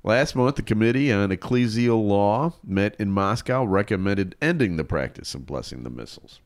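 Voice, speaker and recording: Casual dude hosting a podcast, low voice swinging up and down, jokey storyteller. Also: male voice, normal speed, dry recording. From Chicago area, Illinois. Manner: storytelling, joking, animated outbursts. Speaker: co-host.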